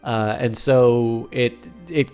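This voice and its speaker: A man's voice: mid-range voice, steady tone, slow pace, darkish tone, clear, resonant tone, soft background music. A man streaming live and chatting casually, rambling through long, complicated sentences.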